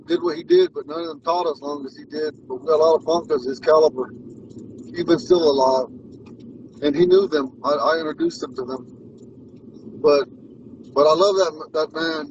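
A man's voice: a little high, a little hiss or hum. A man in his forties, a language teacher, telling rambling stories in a casual lesson. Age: 40s. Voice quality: rambling, repeats himself and restarts. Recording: muffled sound from far off the mic.

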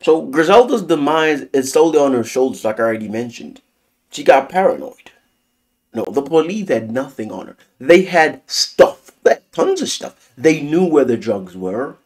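Animated guy doing a casual spoiler review, swears a lot, pitch swings all over. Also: normal speed. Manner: animated, theatrical, swears freely. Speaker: series reviewer.

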